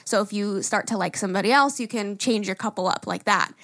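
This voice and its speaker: Swearing, animated young woman podcaster. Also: mid-range voice, brisk, no room sound, clean studio sound. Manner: animated, swears a lot, laughs often. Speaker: podcast co-host, daughter-in-law. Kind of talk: casual chat.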